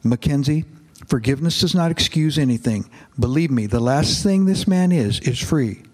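A man voicing a gentle, wise fatherly figure who speaks calmly and earnestly, reading aloud from a novel. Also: a little high, moderate pace. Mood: tender.

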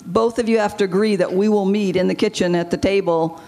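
A woman guest, a marriage counselor, giving advice in a measured way and explaining with example phrases. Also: mid-range voice, fairly even intonation, mellow.

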